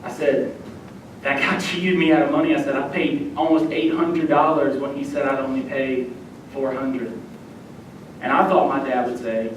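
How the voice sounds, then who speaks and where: A man's voice: fairly even intonation, moderate pace. A young man, a youth minister preaching a sermon and telling a personal story, acting out the voices he quotes. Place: church sanctuary. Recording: echoey church hall, distant mic, faint rumble.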